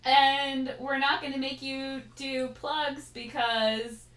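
This woman's voice is high and a bit bright, with a level tone and a slow pace. She's a podcast host in a casual, giggly chat over a video call, often laughing and trailing off with fillers, and the sound carries a roomy echo.

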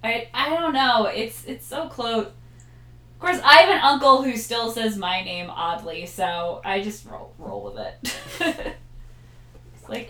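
A woman hosting a podcast chats casually over a video call, giggling often and trailing off with hesitant fillers. Her mid-range voice is a bit bright, and the recording has a roomy echo.

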